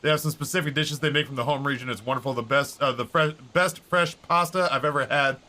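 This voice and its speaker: Brief: chatty male game streamer, bright voice, meandering anecdotes. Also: mid-range voice, quick pace. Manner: rambling, animated storytelling with many fillers. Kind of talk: casual chat while streaming a game.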